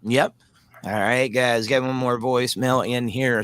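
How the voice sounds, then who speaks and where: A man's voice: mid-range voice, steady tone, a little slow, a bit bright, clean tone, no echo. A man hosting a casual talk show, speaking with passion and addressing listeners directly. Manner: impassioned, addresses listeners as guys.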